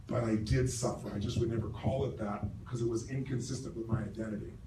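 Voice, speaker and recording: A middle-aged man giving a live seminar speech to a large audience, forceful and profane, asking the crowd questions. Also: on the low side, fairly even intonation, quick pace. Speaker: motivational speaker. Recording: roomy stage recording from far off, noisy.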